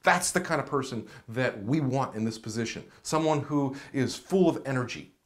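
A middle-aged man giving an enthusiastic, animated video lesson as a career coach, speaking straight to the camera. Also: mid-range voice, moderate pace. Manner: energetic, animated, direct to camera. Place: indoors, seated on camera.

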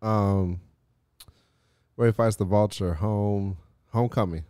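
A man hosting a podcast, telling animated stories in casual chat, swearing and laughing often. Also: fairly low pitch, slow pace, smooth, no echo, studio quality. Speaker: podcast host.

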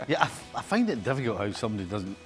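Blunt Scottish pundit with lively pitch. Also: male voice, rapid-fire, soft background music. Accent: West of Scotland Scottish. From west coast of Scotland. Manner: emphatic, blunt, says aye. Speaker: football pundit. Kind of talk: panel chat.

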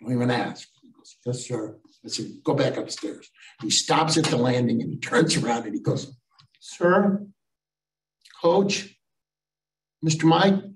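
A man's voice: mid-range voice, normal speed, reverberant, far from the mic, poor audio. An older man giving a motivational storytelling talk to teachers, acting out the voices of people in his stories. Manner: animated, acts out voices in stories. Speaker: storytelling speaker.

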